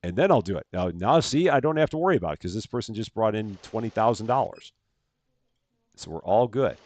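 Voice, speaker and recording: Chatty male game streamer with a lively voice. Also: fairly low pitch, brisk. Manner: chatty, thanks viewers by name, laughs at himself. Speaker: streamer playing a bank simulator game. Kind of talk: casual live-stream gameplay commentary. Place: at home.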